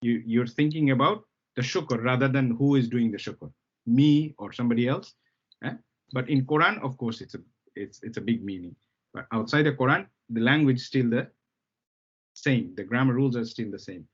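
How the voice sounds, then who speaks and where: A man's voice: medium pitch, moderate pace, slightly rough. A man teaching an Arabic lesson to students, explaining patiently, repeating key terms and often checking that they follow. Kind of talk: live language lesson. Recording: dull lo-fi sound.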